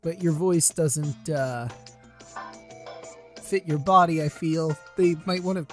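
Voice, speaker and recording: A woman's voice: sits low, takes it slowly, soft background music. A woman hosting a let's play, chatting wryly and teasing the characters. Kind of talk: casual commentary with character voicing.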